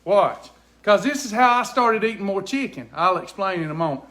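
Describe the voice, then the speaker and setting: A man's voice: high-pitched, lively intonation, normal speed, fairly bright tone. A man, hosting a faith-based wellness show, talking earnestly at home and repeating himself for emphasis. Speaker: host of a faith-based weight loss ministry. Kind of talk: casual preaching chat to camera. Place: at home indoors.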